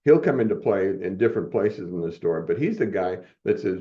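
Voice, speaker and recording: An older man, a guest on a podcast, rambles through a personal story in a low, lively voice, talking a bit fast with almost no pauses. He chuckles a lot and keeps correcting and restarting himself, as in a casual interview. The audio is muffled and dull.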